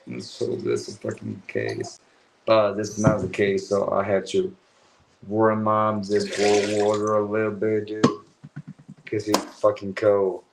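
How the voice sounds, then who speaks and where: A young man whose first language is Chinese hosts a late-night livestream, chatting in a relaxed, slangy way, sounding sleepy and cursing occasionally. His voice is lowish and gravelly, with background noise present.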